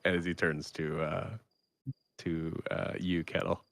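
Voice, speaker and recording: A young man narrating as game master, describing scenes haltingly with many fillers. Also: sits low, level tone, no room sound.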